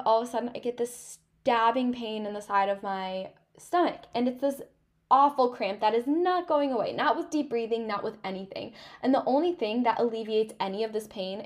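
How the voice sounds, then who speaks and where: A young woman in her twenties hosting a podcast, telling a story in a casual, emotional way, full of "like" and "literally". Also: fairly high pitch. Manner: animated, emotional, heavy use of "like" and "literally". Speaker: podcast host.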